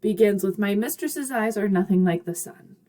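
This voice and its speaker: A woman's voice: mid-range voice, moderate pace, dark tone. A woman teaching a recorded literature lecture in a chatty, upbeat way, with casual asides and frequent fillers. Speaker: literature instructor.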